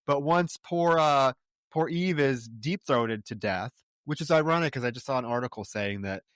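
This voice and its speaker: A man's voice: medium pitch, moderate pace, fairly bright tone, clean tone, no echo, clean studio sound. A man co-hosting a podcast, talking through a film in a brash, profane and incredulous way. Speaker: podcast co-host. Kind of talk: casual film commentary chat.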